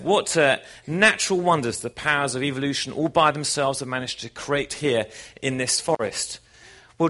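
Bright-voiced preacher telling a joke. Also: male voice, medium pitch. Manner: animated storytelling. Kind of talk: sermon with a joke.

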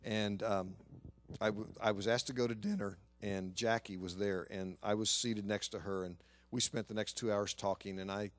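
A man as a pastor, telling a story in an earnest sermon and lively when quoting others. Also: lowish voice, moderate pace, dry recording.

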